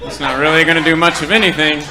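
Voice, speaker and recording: A man doing a deadpan American tourist. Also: fairly high pitch, fast talker, noisy background, close to an everyday voice. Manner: plain flat delivery as a fake accent joke.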